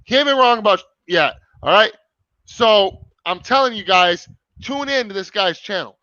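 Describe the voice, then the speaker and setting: A man's voice: high voice, lively intonation, moderate pace, bright, forceful tone, no echo. A young man hosting a casual livestream over a video call, talking emphatically and swearing often. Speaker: livestream host. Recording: dull lo-fi stream audio.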